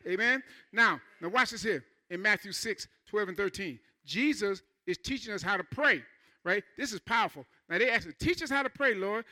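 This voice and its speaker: Animated and sharp, his high-pitched voice carries a relaxed church sermon in which he speaks directly to the congregation and mimics members in short asides.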